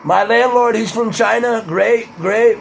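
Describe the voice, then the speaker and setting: A young man putting on a brash, boastful older politician who piles on superlatives and blurts crude remarks. The voice sits well above his usual pitch and pushes a little louder, with faint noise behind it. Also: a little slow, creaky.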